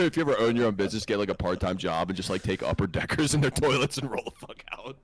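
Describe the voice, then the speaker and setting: A man hosting a podcast, telling a story in an animated, profane, laughing way. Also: on the low side, fast. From North America. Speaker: podcast host. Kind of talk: casual storytelling chat.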